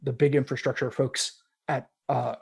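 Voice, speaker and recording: Husky man chatting about tech. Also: medium pitch, level tone, normal speed. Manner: rambling, frequent restarts and fillers. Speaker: podcast host. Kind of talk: casual tech chat.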